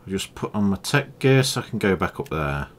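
Calm low-voiced gaming narrator. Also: male voice, brisk. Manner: calm, explanatory, matter-of-fact. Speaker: gaming YouTuber. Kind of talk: gameplay commentary.

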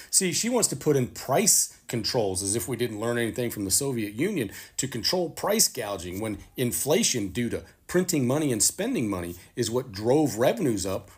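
Man, husky voice, lively pitch, political commentary, sarcastic, rhetorical questions.

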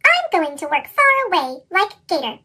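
A woman reading the part of a small, eager green boy steam engine, with her voice pitched up into a chipmunk sound. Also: sing-song, normal speed, bright, forceful tone, heavily acted. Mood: defiant. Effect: chipmunk pitch-shifted voice.

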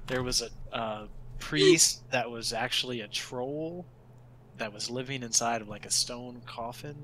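A man's voice: medium pitch, measured pace. A man playing a tabletop game who chats casually and jokes with the table. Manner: joking, animated, laughs often. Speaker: player.

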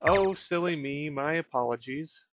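A man's voice: fairly high pitch, unhurried, noisy background, close to an everyday voice. A man voicing a sleepy, condescending female spirit bear from a game, with a raised, drowsy delivery.

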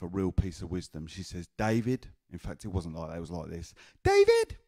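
A man's voice: low-pitched, mellow, no echo, studio quality. A man with an English accent performing spoken word poetry with a rhythmic, chanted delivery and telling stories between poems. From England. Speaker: performance poet. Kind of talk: spoken word poetry and storytelling at an open mic.

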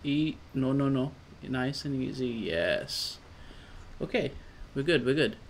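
A man doing casual let's play commentary, coaxing his character along with repeated calm-down phrases. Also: medium pitch, takes it slowly, slight background noise. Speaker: gamer.

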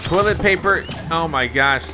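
A laughing, animated male gaming commentator. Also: fairly high pitch, music in the background. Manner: playful, laughs often, quick exclamations. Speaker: gaming YouTuber. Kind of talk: casual let's play commentary.

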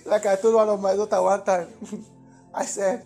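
A man with a Nigerian English accent preaching a sermon to a campus congregation, swinging between loud emphatic calls and low asides and asking the crowd questions. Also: fairly even intonation, a little slow, gravelly, pauses often, soft background music.

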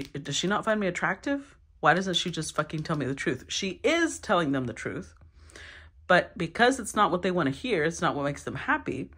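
A woman giving a solo tarot reading, thinking aloud with sighs, restarts and throat clearing. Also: low voice, a bit bright. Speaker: tarot reader.

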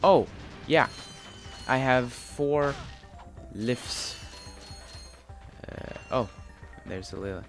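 Young man, let's-play host, slow unhurried delivery, faint game music behind. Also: medium pitch, gravelly. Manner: rambling, joking, swears freely. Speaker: gaming channel host. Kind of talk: casual let's-play commentary.

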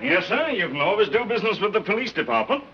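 A man's voice: high voice, sing-song, fast talker. A man playing a sarcastic police commissioner who mocks a gangster, on a dull 1930s film soundtrack with hiss. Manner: dry, mocking.

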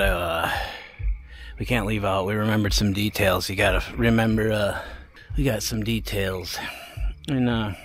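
A man telling a story casually, rambling and swearing heavily. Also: mid-range voice. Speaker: vlogger.

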